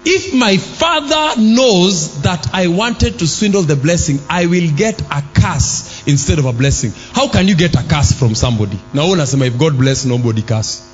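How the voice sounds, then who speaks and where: A man preaching a sermon in church. He fires rhetorical questions at the congregation and breaks into shouts. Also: sits high, animated, moderate pace, hardly any pauses, husky. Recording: long hall reverb with faint music.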